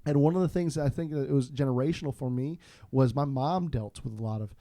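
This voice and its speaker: A man from Florida, a podcast guest, telling a story in a casual, animated, self-deprecating way with frequent restarts. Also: medium pitch, fast, no echo, clean studio sound.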